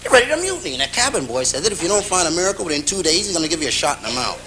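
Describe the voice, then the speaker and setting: Animated male stand-up comedian. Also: on the high side, rapid-fire, low-quality recording. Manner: animated, playful. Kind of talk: stand-up storytelling. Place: TV studio stage. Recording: hissy 1960s TV broadcast.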